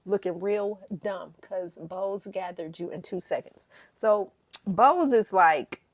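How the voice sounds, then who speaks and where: A woman's voice: mid-range voice, slow, no echo, clean studio sound. A woman recapping a reality show in a brash, sassy way. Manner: brash and sassy, quoting the cast in bursts.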